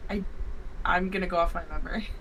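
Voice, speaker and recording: A woman chatting casually as a player in a tabletop game, giggly and thinking out loud. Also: on the low side, fairly even intonation, fast talker, slight background noise, rough recording.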